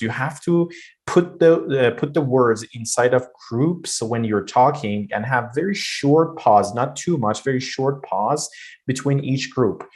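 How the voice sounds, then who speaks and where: A man teaching an English pronunciation lesson online, explaining step by step. His voice sits at an ordinary middle pitch. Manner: explanatory, demonstrates flat robotic reading.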